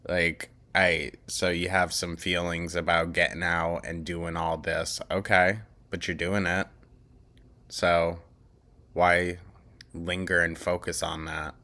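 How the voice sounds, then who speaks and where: Deep, slow-talking sarcastic male commentator. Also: level tone, sharp tone. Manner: blunt, sarcastic, exasperated. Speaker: commentary host. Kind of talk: reaction commentary.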